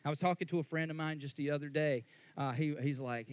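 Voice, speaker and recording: A man preaching a sermon as a pastor, talking in a conversational way with frequent restarts and repeated words, getting louder when worked up. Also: fairly high pitch, lively intonation, fast, no room sound.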